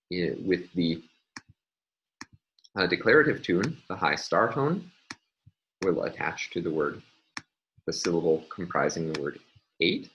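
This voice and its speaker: A male linguistics lecturer explaining step by step in a measured, recorded lecture, with frequent filler words. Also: sits low, fairly bright tone, a little hiss or hum, poor audio.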